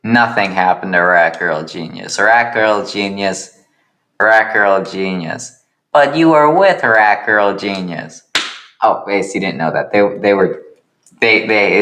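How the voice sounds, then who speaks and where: A man improvising comedic narration for his own animated series, rambling and making self-deprecating asides. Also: lowish voice.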